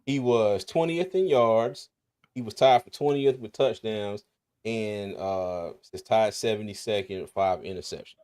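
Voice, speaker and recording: A man's voice: on the low side, unhurried, a little mellow, clean tone. A man with a slight lisp hosting a casual sports talk livestream, rambling and laughing often. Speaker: podcast host.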